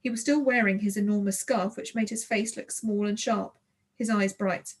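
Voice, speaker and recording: Breathy-voiced woman narrating an audiobook. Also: medium pitch, moderate pace. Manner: first-person, expressive storytelling.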